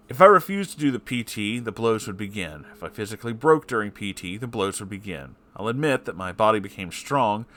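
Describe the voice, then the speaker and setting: Man with a lowish voice reads a story aloud, cutting in with heated, profane reactions. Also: sharp tone. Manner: breaks off to swear and react angrily. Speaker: story reader.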